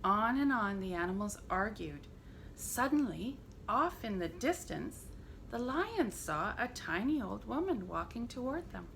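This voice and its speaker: A woman reads a children's story aloud for a church family program. She tells it expressively and slowly, with a bright tone that rises and falls a lot. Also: medium pitch, sing-song, creaky, a little hiss or hum.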